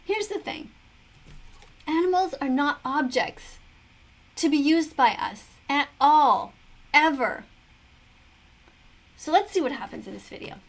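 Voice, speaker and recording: Speaking slowly with long pauses, a middle-aged woman uses a high, animated voice. As a vegan commentator reacting to a video, she talks casually to camera in an earnest, preachy way, asking one rhetorical question after another.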